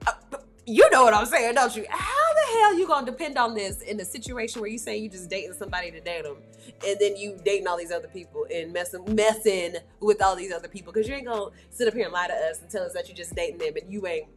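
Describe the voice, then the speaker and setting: A woman's voice: medium pitch, lively intonation, fast, faint music behind. A woman giving blunt, slangy, scolding reaction commentary as a vlog host. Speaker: commentary vlogger.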